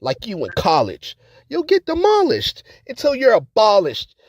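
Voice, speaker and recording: A man's voice: high voice, huge pitch swings, normal speed, no room sound. A man performing a battle rap verse with an aggressive, taunting delivery. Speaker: battle rapper.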